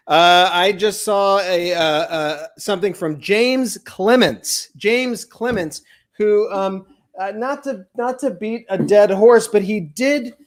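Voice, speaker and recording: High-voiced man hosting a comedy telethon. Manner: rambling, hesitant, deadpan. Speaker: telethon host. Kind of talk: improvised comedy banter.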